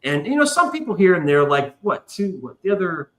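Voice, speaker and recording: A man's voice: high-pitched, big pitch swings, fairly quick, roomy sound. A man hosting a casual livestream chat, telling long rambling profane stories. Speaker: podcast host.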